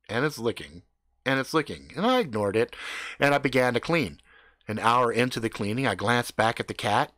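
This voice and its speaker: A man improvising a profane comic horror story, swinging between loud outbursts and hushed suspense. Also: mid-range voice, dry recording, clean studio sound. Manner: profane, animated, drops to hushed tones for suspense.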